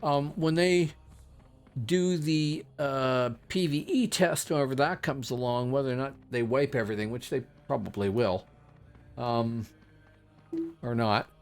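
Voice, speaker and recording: A man's voice: mid-range voice, a little slow, faint music behind. A man giving casual, rambling gameplay commentary as a streamer, chatty with many fillers and asides. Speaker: game streamer.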